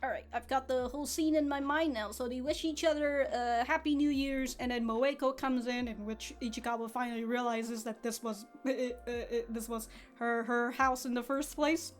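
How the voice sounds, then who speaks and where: A woman giving casual, excitable commentary on an anime episode, swearing and laughing freely. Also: a little high, moderate pace, hardly any pauses, faint music behind.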